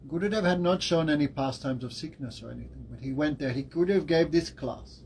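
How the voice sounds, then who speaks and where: A man giving a devotional class as a spiritual teacher, telling the story in a lively way. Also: a little high, brisk, gravelly, a little hiss or hum, poor audio. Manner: animated storytelling with laughs and acted quotes.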